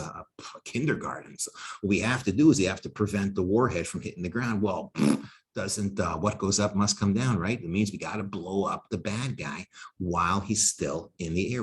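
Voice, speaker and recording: A man, a rocket scientist, giving a humorous lecture full of wry, self-deprecating asides. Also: low-pitched. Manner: energetic storyteller with quick bursts and drawn-out emphasis.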